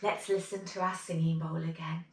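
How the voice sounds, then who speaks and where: A woman leading a children's yoga and relaxation session, gentle and encouraging. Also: low-pitched, little pitch movement, moderate pace, slight background noise. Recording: echoey room from a distance.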